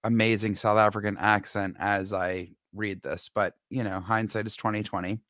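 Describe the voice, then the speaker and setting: A woman's voice: rumbling low, little pitch movement, moderate pace, fairly bright tone, dry recording, studio quality. A woman co-hosting a podcast, reading a news story aloud with dramatic, sarcastic commentary. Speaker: podcast co-host.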